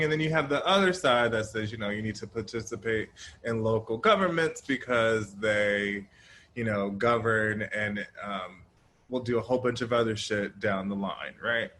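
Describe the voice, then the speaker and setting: A man hosting a podcast, asking questions in a hesitant, halting way. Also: on the low side, bright, forceful tone, slight background noise. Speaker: podcast host. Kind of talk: interview questions.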